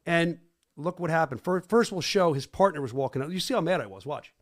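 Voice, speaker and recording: A man's voice: fairly high pitch, animated, a little fast. A middle-aged man hosting a podcast, brash and joking as he talks over video clips. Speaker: podcast host. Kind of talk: casual podcast chat.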